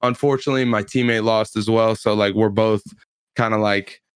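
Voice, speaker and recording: A man's voice: fairly low pitch, fairly even intonation, a little fast, smooth, dry recording, studio quality. A man in his twenties, a pro fighter, telling a story in casual chat on a podcast, laid-back and full of slang and filler words.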